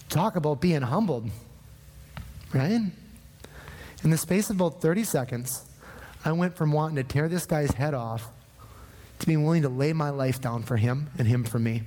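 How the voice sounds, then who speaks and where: A man's voice: fairly high pitch, normal speed, long pauses, big-room sound. A man from northern Minnesota preaching a sermon, telling a personal story with acted-out dialogue. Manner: animated storytelling, acting out dialogue. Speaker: pastor.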